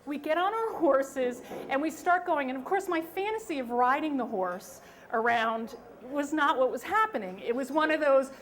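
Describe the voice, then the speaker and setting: A woman from New York telling a personal story at a live story slam in a lively, self-mocking, emphatic way. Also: sits high. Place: stage at a live storytelling event.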